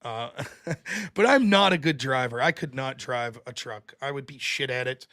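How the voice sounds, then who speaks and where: A man hosting a podcast, telling a story in a casual, animated way. He acts out the people he quotes with loud bursts and laughs often. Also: medium pitch, moderate pace. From United States. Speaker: podcast host.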